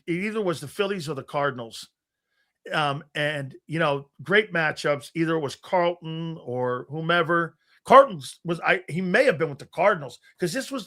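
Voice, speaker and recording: A middle-aged man chatting casually as a sports show host, slipping into lively retellings of old memories. His voice sits a little high for a man, and the talk is loose and conversational. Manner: animated storyteller, acts out his younger self.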